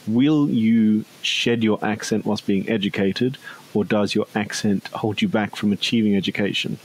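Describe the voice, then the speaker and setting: A man's voice: lowish voice, fairly even intonation, normal speed, poor audio. A man co-hosting a casual podcast discussion, musing aloud with many fillers. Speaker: podcast co-host. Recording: faint hiss.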